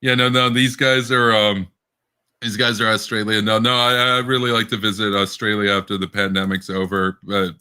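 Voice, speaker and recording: A man's voice: lowish voice, steady tone, moderate pace, pushed and bright, smooth. A man co-hosting a casual political podcast, rambling with many restarts and bursts of laughter. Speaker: podcast co-host.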